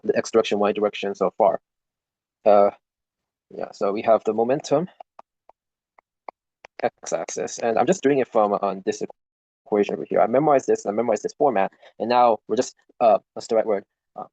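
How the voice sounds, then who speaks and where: A man's voice: fairly low pitch, mellow, no room sound, poor audio. A young man talking through a study review, rambling and self-deprecating, swearing at his tablet now and then. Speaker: student reviewing for an exam. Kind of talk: casual screen-recorded study walkthrough.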